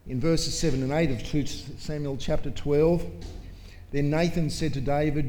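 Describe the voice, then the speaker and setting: A man's voice: on the high side, fairly even intonation, normal speed, warm tone, slight background noise. A man preaching a sermon in a church, emphatic and full of rhetorical questions to his congregation.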